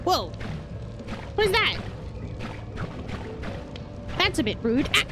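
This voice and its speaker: A woman's voice: high-pitched, very animated, slow pace, over music. A woman from Wales with a British accent, chatting playfully and rambling through live gameplay commentary as a streamer. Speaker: game streamer.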